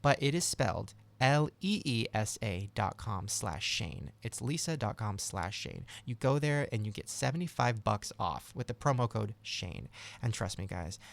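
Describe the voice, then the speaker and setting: Male host, gravelly, casual and upbeat, reads sponsor spots between banter. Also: on the low side, big pitch swings, moderate pace. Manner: chatty, jokey, upbeat. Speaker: podcast host.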